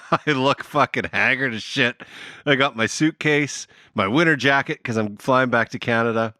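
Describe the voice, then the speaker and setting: A man's voice: mid-range voice, normal speed, dry recording, studio quality. A middle-aged man, a band musician guesting on a podcast, telling a long story in casual conversation, swearing freely and laughing along. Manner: animated, profane, laughs through his own story.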